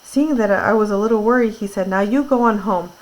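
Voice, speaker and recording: A woman's voice: medium pitch, fairly quick, rough recording. Woman teacher, reads a book to her class and chats through it in plain words. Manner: reads aloud, then retells in casual words with fillers. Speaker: teacher reading aloud. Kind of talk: classroom read-aloud with retelling.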